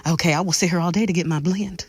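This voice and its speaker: Woman, low voice, dry close sound, chatty makeup tutorial voice-over. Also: fairly even intonation, quick pace, slightly rough, no echo. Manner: chatty, calls the viewer baby and y'all. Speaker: makeup creator.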